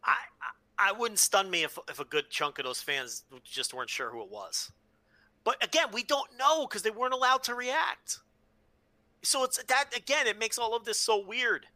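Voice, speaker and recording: A man's voice: high-pitched, big pitch swings, normal speed, sharp tone, no echo. A man co-hosting a casual podcast, telling stories frankly, swearing freely and restarting with repeated words. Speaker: podcast co-host. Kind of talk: casual wrestling podcast chat.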